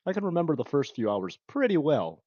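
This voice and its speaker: A man's voice: a little high, very animated, brisk, no room sound, highs cut off. A man chatting casually with his stream viewers, rambling and laughing often. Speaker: livestreamer. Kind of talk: casual livestream chat with viewers.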